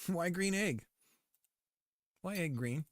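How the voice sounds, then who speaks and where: A man's voice: sits high, expressive, slow pace, dry recording, clean studio sound. A man chatting casually and playfully to his live-stream audience, rambling as he goes. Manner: rambling and playful, talking to chat while eating.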